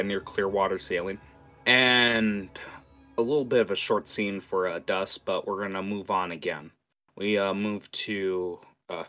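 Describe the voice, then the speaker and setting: A man narrates as game master, pausing often on fillers. His voice sits low but rings bright. Faint music plays underneath. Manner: loose, filler-heavy narration.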